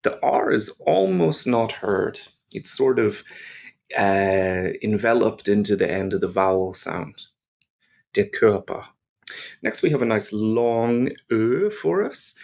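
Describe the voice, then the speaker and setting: Slow, gravelly Irish man teaching. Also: fairly low pitch, sing-song, darkish tone. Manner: patient, repeats example words slowly. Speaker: German teacher. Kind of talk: language lesson.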